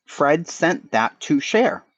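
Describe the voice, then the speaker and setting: A man's voice: on the high side, sing-song, slow, no room sound, lo-fi sound. A man with a Boston accent hosting a casual livestream chat, blunt and profane, answering his chat. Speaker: livestream host.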